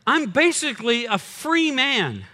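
An older man, a pastor preaching a sermon, swinging between loud punchy lines and quiet low drops. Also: sing-song, a little slow.

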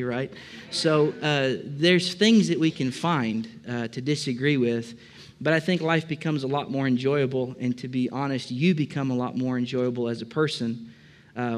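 A male pastor delivers a conversational sermon with a mid-pitched voice. He speaks plainly and rambles a little, with frequent "uh" fillers and friendly asides to the people in front of him. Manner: conversational, many filler "uh"s, addresses congregation directly.

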